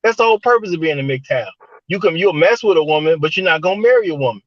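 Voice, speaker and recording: A man's voice: a little high, animated, quick pace, no room sound, dull audio. A man co-hosting a casual online panel talk, speaking in loose slang and often starting with "my thing is". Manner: conversational, repeats "my thing is", slang-heavy. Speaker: podcast co-host.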